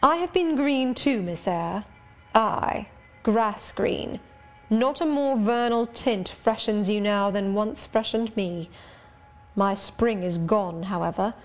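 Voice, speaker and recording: Woman reading as Mister Rochester, wry and measured. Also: medium pitch, natural voice. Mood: rueful. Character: brooding, sardonic gentleman of middle age. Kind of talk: audiobook reading.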